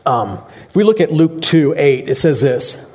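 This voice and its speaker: A man's voice: on the high side, very animated, moderate pace, darkish tone. Joking, conversational male pastor preaching. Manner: joking, conversational, engages congregation with questions. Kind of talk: Christmas Eve sermon.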